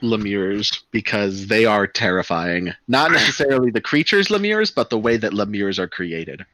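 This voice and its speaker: Animated lower-voiced male player. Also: moderate pace, no echo. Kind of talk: casual tabletop play.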